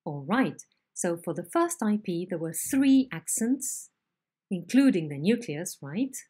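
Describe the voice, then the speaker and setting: Woman, phonetics teacher, slow deliberate delivery, mellow tone. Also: fairly low pitch, big pitch swings, slightly rough. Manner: slow, deliberate explanations with modelled intonation examples. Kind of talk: recorded online lecture.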